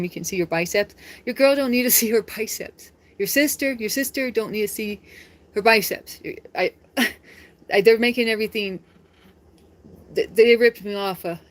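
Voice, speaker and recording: A woman from the United States chatting casually on her live stream, rambling and laughing often. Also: fairly low pitch.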